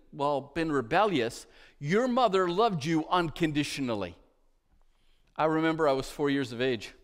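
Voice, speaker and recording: A middle-aged man preaching a sermon as pastor, telling a childhood story and sinking to a hush at its tender moments. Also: sits high, in a large hall. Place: church.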